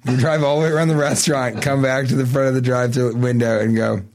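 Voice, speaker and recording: Playful podcast guy, silly bits, acts stuff out, mid pitch. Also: flat delivery, quick pace, a little mellow. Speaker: podcast co-host. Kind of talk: casual comedic chat.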